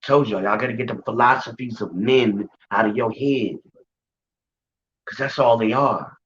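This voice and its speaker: A man's voice: medium pitch, moderate pace, fairly bright tone, slight background noise. A man teaching from scripture in an informal, emphatic way, repeating his points and talking straight to his listeners. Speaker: Bible teacher. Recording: dull lo-fi recording.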